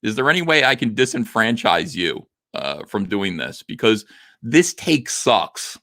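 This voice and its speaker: Man, New Jersey accent, middle-aged, sarcastic, defensive, very lively pitch. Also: measured pace. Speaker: livestream host reacting to a video. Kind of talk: casual reaction commentary.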